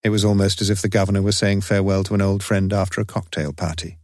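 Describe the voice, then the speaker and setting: Low-voiced male audiobook narrator. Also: level tone, fast, hardly any pauses, a little mellow, dry recording, clean studio sound. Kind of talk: scripted narration.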